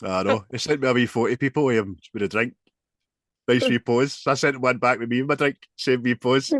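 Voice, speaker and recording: A man with a Glaswegian accent hosting a podcast, chatting casually and swearing freely in lively banter. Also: mid-range voice, a little fast, no echo, studio quality. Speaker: podcast host. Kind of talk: casual chat.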